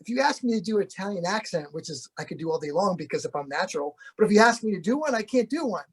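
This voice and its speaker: A man's voice: sits high, animated, fast, breathy edge. A middle-aged man, an actor being interviewed, talking in a rambling, good-humored way with many restarts. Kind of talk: casual interview chat.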